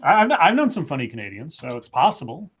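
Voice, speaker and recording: A man's voice: fairly high pitch, big pitch swings, quick pace. A man hosting a podcast, casually reading viewer comments aloud and reacting. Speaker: podcast host reading chat. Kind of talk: casual chat.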